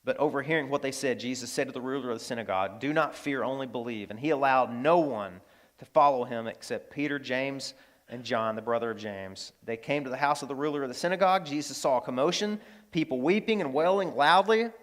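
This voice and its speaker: A man preaching a sermon as pastor, animated, swinging from loud exclamations to hushed, tender lines. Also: medium pitch, brisk.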